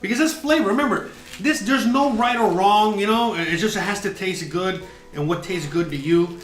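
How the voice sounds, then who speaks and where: A man's voice: high voice, normal speed, a bit bright, echoey room, soft background music, low-quality recording. A man hosting a casual live cooking demo, chatty and joking, filling his talk with "you know". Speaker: cooking show host. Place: home kitchen.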